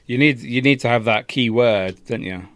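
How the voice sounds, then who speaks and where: A man co-hosting a podcast, chipping in relaxed and prompting his co-host's stories. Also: mid-range voice, moderate pace, a little hiss or hum. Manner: relaxed, chips in and prompts the other host. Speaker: podcast co-host. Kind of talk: casual chat.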